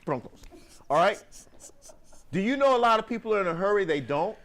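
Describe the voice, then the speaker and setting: A man's voice: high-pitched, expressive, fairly quick, fairly bright tone. A man co-hosting a casual after-show chat, ranting animatedly with many restarts. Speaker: morning show co-host.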